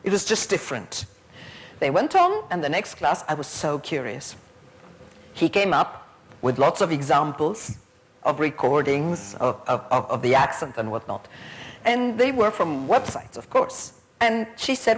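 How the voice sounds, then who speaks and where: A woman's voice: low voice, measured pace. A woman in her fifties giving a plenary conference lecture, telling stories and acting out the people in them. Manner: lively storyteller who acts out quoted voices. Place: conference hall.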